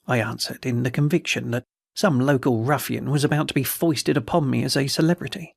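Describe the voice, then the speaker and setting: Gravelly male audiobook narrator. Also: mid-range voice, no room sound, clean studio sound. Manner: measured, literary reading. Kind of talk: scripted narration of a classic story.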